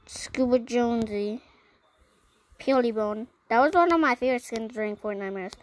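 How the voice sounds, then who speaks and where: A female gaming channel host in a casual vlog, listing items one by one with plenty of ums and pauses. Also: a little high, poor audio.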